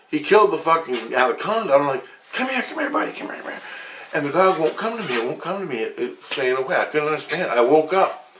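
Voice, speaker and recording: A man tells a long dream story in a loose, rambling monologue, swearing often and growing agitated as he talks. His voice sits at an ordinary middle pitch. It sounds like a bare, echoey room with a faint hiss underneath. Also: fairly bright tone. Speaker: vlogger recounting dreams.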